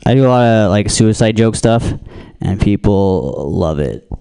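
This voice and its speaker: A man doing a stand-up comedy set with dark deadpan humor and lots of swearing, acting out the people in his stories. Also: on the low side, unhurried, vocal fry, clean tone. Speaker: stand-up comic. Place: comedy club or open mic room.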